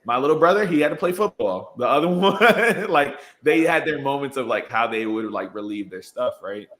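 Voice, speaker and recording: A man's voice: mid-range voice, expressive, normal speed, a bit bright. A man in his twenties, an educator and podcast guest, talking in an earnest, reflective way and laughing easily. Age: 20s. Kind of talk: casual conversation.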